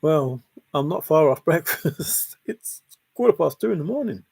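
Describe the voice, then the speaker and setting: A man's voice: on the high side, expressive, unhurried, vocal fry, a little mellow, breathy edge, dry recording. A man hosting a casual late-night livestream, reading viewer comments aloud and answering them playfully. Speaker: livestream host.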